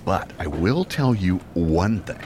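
An actor playing a nervous, sweaty office accountant who rambles awkwardly. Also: male voice, low voice, expressive, slow, darkish tone, a little hiss or hum. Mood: flustered. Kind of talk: audio drama acting.

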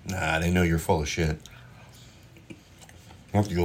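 Low-voiced man rambling while cooking. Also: big pitch swings, normal speed, pauses often, fairly bright tone. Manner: rambling, self-interrupting, jokey. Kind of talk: casual food chat while cooking and eating. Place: home kitchen. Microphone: phone propped up.

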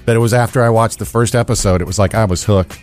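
A man's voice: on the low side, fairly even intonation, fast talker, darkish tone, faint music behind. Earnest man rambling on morning radio. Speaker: morning radio co-host, food segment.

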